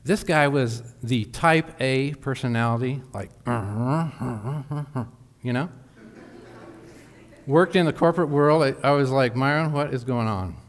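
A man's voice: medium pitch, measured pace, long pauses. A man preaching a sermon, telling a personal story with emphatic asides to the congregation. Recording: long hall reverb.

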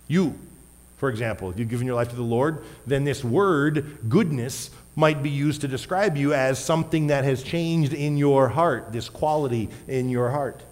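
A man preaching a sermon as a pastor, wearing a microphone, emphatic, with loud stressed words and quiet asides. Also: mid-range voice, moderate pace. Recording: long hall reverb.

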